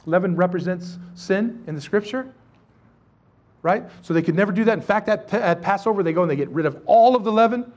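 A man preaching a sermon to his congregation, animated and joking, with many rhetorical questions. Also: high-pitched, a little fast. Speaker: pastor.

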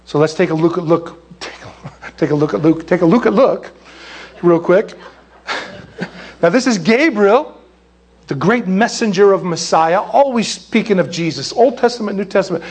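A man preaching a sermon in an animated, jokey way, with acted asides. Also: sits high, moderate pace, husky. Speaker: pastor.

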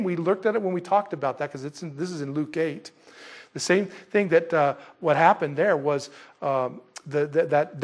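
A husky-voiced man preaching a verse-by-verse sermon. His voice sits a little higher than most men's. He talks to the congregation casually and animatedly, acting out the scenes he describes. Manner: animated, conversational, acts out scenes. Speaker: pastor. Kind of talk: expository sermon.

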